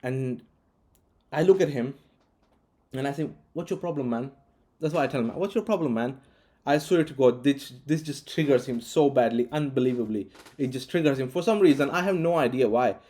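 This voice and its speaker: A man's voice: medium pitch, brisk, warm tone. A man vlogging, telling a personal story casually with many restarts and fillers. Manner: rambling, frequent restarts and fillers.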